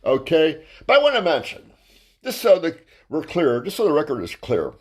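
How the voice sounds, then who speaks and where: Profane ranting male comedian, swinging pitch. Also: big pitch swings, normal speed, slightly rough. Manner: rambling, crude, ranting, trips over his words. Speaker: stand-up comedian. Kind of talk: profane comic storytelling monologue.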